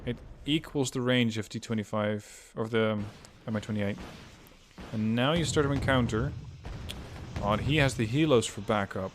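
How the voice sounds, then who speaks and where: A man co-hosting a game replay, giving steady analytical play-by-play. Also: mid-range voice, moderate pace, background noise. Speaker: co-host. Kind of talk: casual replay commentary.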